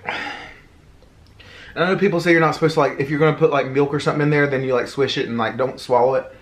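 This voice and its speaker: A man's voice: mid-range voice, steady tone. A man chatting casually to viewers in a mukbang, sighing and suffering from spicy food. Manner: chatty, drawn-out sighs, informal. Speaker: food vlogger.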